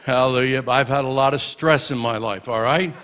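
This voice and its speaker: A man's voice: medium pitch, brisk, fairly bright tone, slight background noise. A man in his sixties, a minister, telling stories at a memorial service in a church and calling out praise between them. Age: 60s. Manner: storytelling, punctuated with exclamations of praise. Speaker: minister giving a eulogy. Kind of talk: memorial tribute speech with humorous anecdotes.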